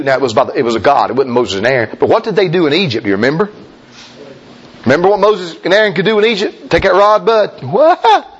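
Preacher man, high husky voice, swoops up and down, muffled old recording. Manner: folksy, emphatic preaching with sudden shouts and drawn-out sung lines. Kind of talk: sermon.

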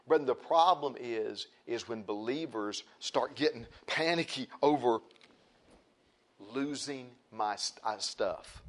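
A man's voice: mid-range voice, a little slow. A man preaching a sermon, emphatic and repetitive, with folksy asides to the congregation.

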